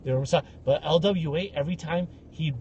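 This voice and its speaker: A man's voice: fairly high pitch, brisk, dull audio, slight background noise. A man co-hosting a podcast, telling a story in a casual rant and acting out the people in it. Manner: animated, acts out voices in stories. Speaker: podcast co-host.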